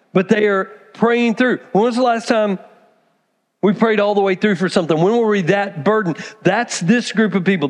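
A man preaching a sermon, telling a scripture story with lively acted-out asides and direct questions to the congregation. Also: sits high. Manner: animated storytelling, acts out characters. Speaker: pastor. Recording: long hall reverb.

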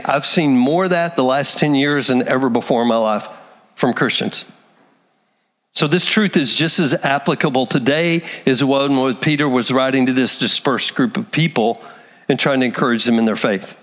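Animated male preacher in a reverberant hall. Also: mid-range voice, moderate pace. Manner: animated preacher, acts out quoted voices. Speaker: pastor. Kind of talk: sermon.

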